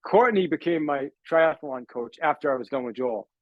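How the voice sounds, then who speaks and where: Man, high voice, dry close sound, animated motivational storyteller, acts out dialogue. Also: moderate pace, no echo, muffled recording. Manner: animated, addresses listeners as "guys". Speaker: sales trainer.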